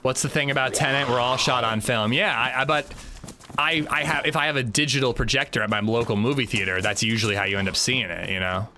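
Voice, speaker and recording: Talking fast in a mid-range voice that's pushed and bright, a man streams gameplay live over a little hiss or hum. He addresses viewers casually and bluntly, rambling, cursing and starting sentences over.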